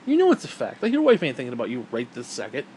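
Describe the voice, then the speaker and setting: A man's voice: mid-range voice, wildly swooping pitch, racing, darkish tone, slight background noise. A man, hosting his own show in a crude, bitter, rambling rant full of restarts. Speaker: vlog host. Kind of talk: profane rant.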